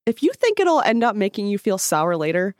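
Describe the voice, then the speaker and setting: A woman's voice: medium pitch, brisk, dry recording, clean studio sound. A woman co-hosting an advice podcast in casual chat, talking with lots of "like"s and acting out little quotes. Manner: chatty, animated, acts out quotes with many "like"s.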